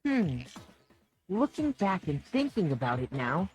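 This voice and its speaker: A calm, analytical young woman lays out her reasoning in a measured way. Her intonation moves expressively, over faint game music. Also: on the low side. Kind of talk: game dub acting.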